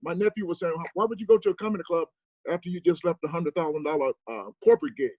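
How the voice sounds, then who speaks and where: A man, a guest comedian, chatting casually on a video call and acting out family stories with animated delivery. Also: a little high, quick pace, no room sound, phone-quality sound. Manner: animated storyteller, mimics his dad. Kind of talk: casual chat.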